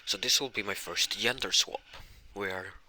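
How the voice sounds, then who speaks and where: A man narrating an improvised fan-fiction story, halting with many restarts and self-corrections. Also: lowish voice, bright, forceful tone.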